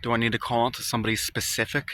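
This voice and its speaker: A man hosting a ghost-hunting vlog outdoors in a cemetery, talking into a phone strapped to his arm. He calls out to spirits in a slow, coaxing way and chats casually to his viewers in between. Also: mid-range voice, slight background noise. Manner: calm, slow, coaxing call-outs mixed with casual asides to viewers. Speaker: paranormal vlogger.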